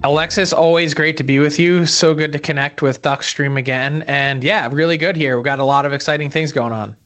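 A man's voice: on the high side, fairly even intonation, a little fast, a bit bright, soft background music. A man being interviewed as a hockey insider, friendly and polished.

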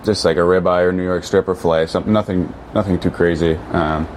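A man's voice: low-pitched, steady tone, quick pace, slight background noise. A man, a hockey player guest, laid-back, giving short replies that trail off. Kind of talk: casual podcast chat.

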